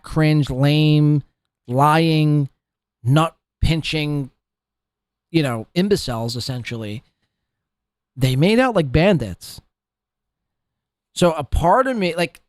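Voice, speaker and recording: A man's voice: fairly high pitch, dry recording, studio quality. A man hosting a podcast who rants in a profane, scornful, rambling way about people he covers. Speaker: podcast host. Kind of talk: ranting commentary.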